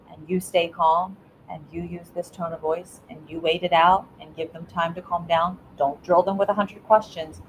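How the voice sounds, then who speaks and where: In a low-quality recording with slight hiss or hum, a middle-aged educator speaks as an interview guest. Her voice runs low, and she offers earnest, warmly coaching parenting advice, frequently starting her sentences over.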